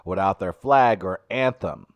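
A man co-hosting a casual chat, reading news items and joking about them in loud bursts. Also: low-pitched, a little slow, no echo, lo-fi sound. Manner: jokey, reads news then riffs with loud bursts. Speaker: co-host.

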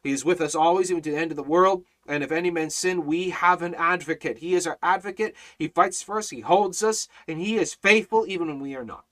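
A man leading a Bible study, earnest and repetitive, reading scripture slowly and sometimes dropping almost to a whisper. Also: fairly high pitch. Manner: earnest, repeats phrases, drops to a near whisper when speaking softly; quotes scripture slowly and emphatically. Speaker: Bible teacher.

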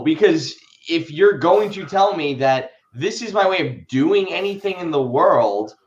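A man's voice: fairly high pitch, lo-fi sound. A man in a casual podcast discussion, riffing with jokes and sarcasm. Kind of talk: casual podcast panel talk.

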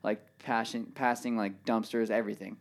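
A man spinning a long, meandering anecdote in relaxed conversation. His telling is loose and animated, stuffed with "like" and "dude" as he goes. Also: on the low side, moderate pace, gravelly. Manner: rambling, animated, says "dude" and "like" a lot. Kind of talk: casual storytelling chat.

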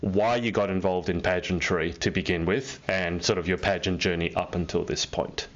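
A man's voice: low-pitched, fairly even intonation, moderate pace, fairly bright tone, muffled recording. A man hosting a live online interview over a video call, chatty and teasing. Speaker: host.

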